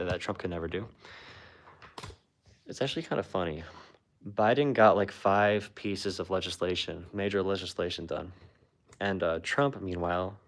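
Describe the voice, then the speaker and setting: Low-voiced dude talking politics, blunt and sarcastic, says "like" a lot, very casual. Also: male voice, a bit bright. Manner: sarcastic and blunt, with frequent "like" fillers. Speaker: political commentator. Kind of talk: casual chat.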